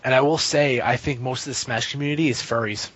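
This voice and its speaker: A man telling profane stories as a podcast guest, casual and rambling, with animated impressions. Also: mid-range voice, fast, slight background noise. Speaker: podcast guest, fighting game player. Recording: muffled lo-fi podcast audio.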